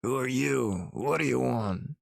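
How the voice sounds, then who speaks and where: A man's voice: medium pitch, measured pace, creaky, no echo, studio quality. A man doing a drunk, bitter old man. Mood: suspicious. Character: drunk grieving old man in his sixties, hostile.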